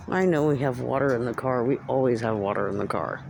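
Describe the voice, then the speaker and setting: A woman from Central California vlogging on a handheld phone outdoors at a train station after dark, musing aloud as she describes what she sees. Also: extremely low pitch, brisk, vocal fry, hardly any pauses, background noise. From Central California, United States. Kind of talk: casual walking vlog, narrating what she sees.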